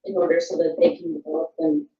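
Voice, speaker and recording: A woman speaking at a parenting workshop in a thoughtful, halting way, often restarting her sentences. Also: lowish voice, big pitch swings, creaky. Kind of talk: workshop talk. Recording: echoey room, dull sound.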